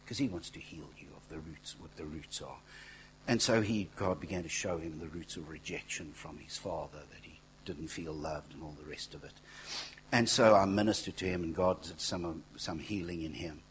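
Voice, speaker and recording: A man preaching a sermon, telling stories in a conversational way, dropping to near-whispers and then rising to loud exclaiming, with asides to the congregation. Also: deep voice, normal speed, slight background noise, rough recording. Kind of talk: sermon with storytelling.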